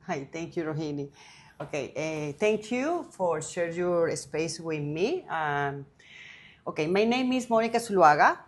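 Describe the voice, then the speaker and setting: A middle-aged woman from Colombia with a Colombian Spanish accent, a native Spanish speaker and wellness coach, telling her story in halting English with many restarts. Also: low-pitched, lively intonation. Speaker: guest, holistic wellness coach. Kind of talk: interview.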